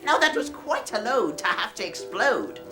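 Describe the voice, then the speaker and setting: A man's voice: high-pitched, big pitch swings, normal speed. An actor playing a mischievous male leprechaun with an Irish accent who speaks in taunting rhymes, from a film clip. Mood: gloating. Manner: rhyming, taunting. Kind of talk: film horror-comedy acting. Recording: film clip with music behind.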